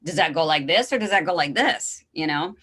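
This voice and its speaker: A woman hosting an interview podcast, a therapist who talks thoughtfully with many pauses and "um"s. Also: low voice, expressive, sharp tone. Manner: thoughtful, rambling, many "um"s and restarts. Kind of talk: casual interview chat.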